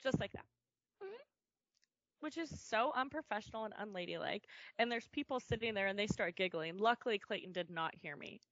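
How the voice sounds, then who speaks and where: Animated woman telling funny stories. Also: mid-range voice, brisk, few pauses, no echo. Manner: lively storyteller who acts out quotes. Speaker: podcast guest, comedic video creator. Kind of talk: casual chat. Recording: dull, dry lo-fi podcast audio.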